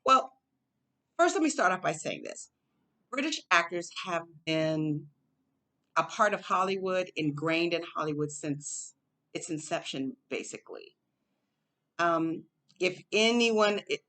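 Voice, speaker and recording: A woman vlogger from the United States talks to camera in a loose, musing way, with fillers and the odd laugh. Her voice sits a little low and she takes her time. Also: fairly bright tone. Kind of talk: casual commentary to camera.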